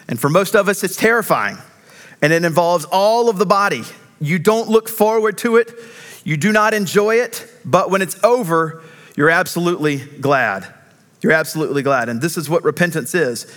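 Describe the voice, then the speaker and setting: A man preaching a sermon in an earnest, emphatic way, slowing down on key phrases. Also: on the high side, a bit bright. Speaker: pastor.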